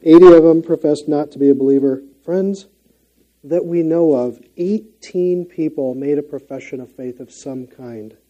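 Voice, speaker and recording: A man's voice: a little high, moderate pace, dark tone, muffled recording. A middle-aged man with a Minnesota accent gives an earnest, conversational sermon as a guest preacher, with frequent fillers and restarts.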